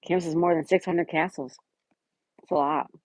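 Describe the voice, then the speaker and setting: Chatty woman streamer, slightly low voice. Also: fairly even intonation, normal speed, no room sound. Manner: chatty, greets and answers viewers by name, sometimes drops to a soft whisper. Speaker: live streamer reading viewer chat. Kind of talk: casual live-stream chat.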